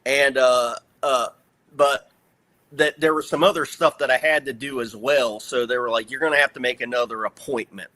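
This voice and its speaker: A man with a Southern US accent, telling an animated story in casual chat and swearing freely. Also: mid-range voice, normal speed.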